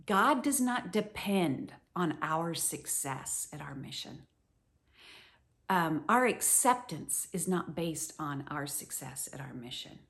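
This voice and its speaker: A middle-aged woman giving an earnest, animated devotional Bible teaching, with many "you know"s. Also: deep voice, slow.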